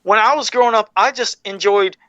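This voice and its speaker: A man co-hosting a podcast, chatting casually and excitedly about a movie, swearing and acting out lines. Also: sits high, fairly quick, no room sound, muffled recording. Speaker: podcast co-host.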